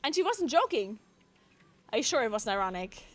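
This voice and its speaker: A woman's voice: fairly high pitch, very animated, brisk. A woman streamer chatting casually on a live stream into a streaming microphone, laughing often and swearing freely as she talks in loose restarts. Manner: giggly, breaks into frequent laughter. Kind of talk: casual livestream chat.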